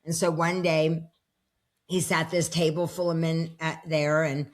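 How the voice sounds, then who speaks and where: Low-voiced woman telling a lively story. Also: a little slow. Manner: animated storyteller acting out quoted dialogue. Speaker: personal development coach and speaker. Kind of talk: storytelling in a casual interview. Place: home with dogs around.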